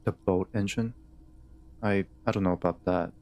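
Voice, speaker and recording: A man's voice: low voice, fairly even intonation, normal speed, a little mellow. A man with a Southern US accent chatting casually while streaming a game, rambling and hesitant with frequent restarts. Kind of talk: casual gaming stream chat.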